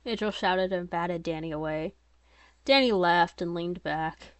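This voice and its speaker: A woman reading her own story aloud in a plain, steady voice, now and then breaking into chatty, self-mocking asides. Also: fairly low pitch, unhurried, no room sound.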